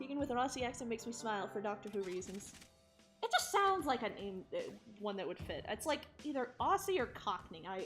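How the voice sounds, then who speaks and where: A woman's voice: a little high, big pitch swings, brisk, a bit bright, soft background music. Chatty woman streaming a game. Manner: chatty, self-deprecating, voices the game characters. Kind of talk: live-stream commentary while reading game dialogue aloud.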